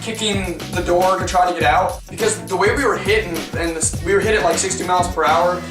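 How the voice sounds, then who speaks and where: A man's voice: high-pitched, steady tone, fairly quick, far from the mic. A young man vlogging, telling stories in a dramatic, profane, self-mocking way. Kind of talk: casual storytelling vlog. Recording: roomy, off-mic, music behind.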